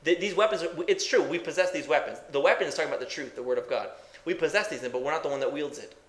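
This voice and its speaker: A man's voice: on the high side, quick pace, fairly bright tone, roomy sound. A man preaching a sermon in a folksy, emphatic way. He asks the congregation questions and then answers them himself. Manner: folksy, says "ain't", builds to emphatic bursts.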